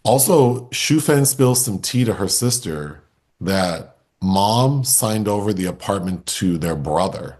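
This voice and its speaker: A man with a very low voice co-hosts a film review podcast. He recounts the plot step by step in an easy, conversational way. His voice sits deep throughout. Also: animated, slow pace, a little mellow.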